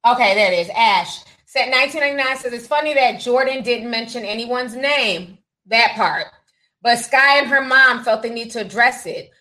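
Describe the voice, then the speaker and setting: A woman's voice: fairly high pitch, moderate pace, sharp tone, rough recording. A woman hosting a casual gossip livestream, reading viewer comments aloud with sassy asides and frequent laughs. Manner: chatty, sassy, laughs often, says honey and child. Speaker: livestream host reading super chats.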